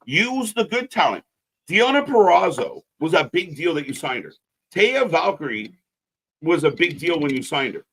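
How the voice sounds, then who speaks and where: A man's voice: on the high side, sing-song, normal speed, fairly bright tone, slight background noise. Blunt, profane man ranting about wrestling. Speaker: wrestling stream co-host. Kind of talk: casual live commentary chat.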